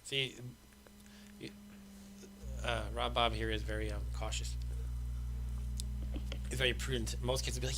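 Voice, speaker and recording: A man's voice: mid-range voice, level tone, measured pace, long pauses, noisy background. A middle-aged man hosting a game stream, patiently explaining the rules in casual commentary.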